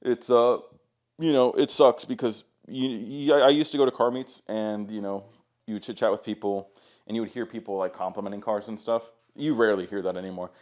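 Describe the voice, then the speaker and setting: A man's voice: lowish voice, fairly even intonation, a little fast, a little mellow. A young man, a car content creator, telling stories to camera in a casual, rambling, profane way. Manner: profane, laid-back, rambling.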